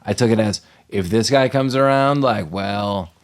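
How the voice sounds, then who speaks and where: A man's voice: on the low side, unhurried. A man co-hosting a podcast, riffing on a movie in casual chat with many fillers and jokes. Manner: rambling, jokey, lots of "like" fillers. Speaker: podcast co-host.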